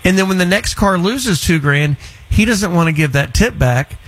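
A man's voice: sits high, expressive, moderate pace, a bit bright, a little hiss or hum. Blunt, teasing man host. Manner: blunt, teasing, restless restarts. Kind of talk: casual interview.

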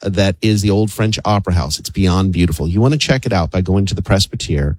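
A man's voice: low-pitched, fast talker, darkish tone, dry recording. A man hosting a radio talk show, speaking with an enthusiastic promotional delivery into a studio microphone.

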